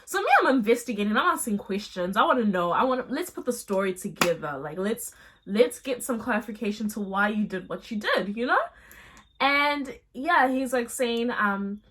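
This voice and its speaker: A young adult woman vlogger casually telling a storytime tale, chatty and animated, with slangy asides. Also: a little high, normal speed.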